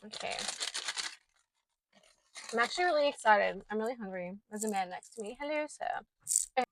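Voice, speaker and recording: A woman's voice: mid-range voice, animated, fairly quick, a little hiss or hum, low-quality recording. Chatty young Australian woman vlogging. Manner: rambling, chatty, many fillers. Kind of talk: casual storytelling vlog. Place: parked car. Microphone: small handheld mic.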